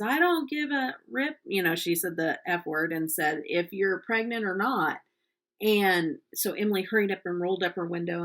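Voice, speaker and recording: A middle-aged American makeup vlogger with a lowish, gravelly voice chats casually while doing her makeup. She tells a story peppered with lots of ums.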